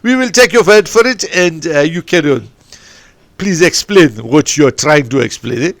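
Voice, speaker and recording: A man hosting a podcast who keeps cutting in with loud, excitable, teasing remarks. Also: fairly high pitch, moderate pace, no echo. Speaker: podcast host. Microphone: podcast microphone.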